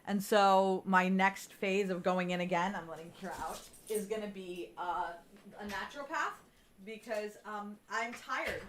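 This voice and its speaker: A woman co-hosting a casual chat, talking candidly and rambling, swearing freely and sounding tired. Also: mid-range voice. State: nauseous, tired. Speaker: podcast co-host.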